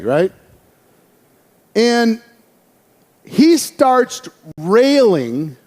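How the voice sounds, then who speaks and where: A man telling a personal story in a lively speaking style, acting out the voices of the people in it. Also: high-pitched, takes it slowly, long pauses, big-room sound. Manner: animated, acts out quoted voices. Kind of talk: storytelling speech.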